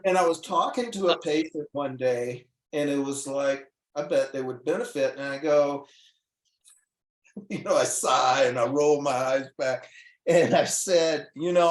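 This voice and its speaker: A man with a slightly high voice tells his story earnestly and with animation. He plays out both sides of the conversations he recalls. The sound carries a noticeable room echo. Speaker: guest doctor. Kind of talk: casual storytelling on a call-in show.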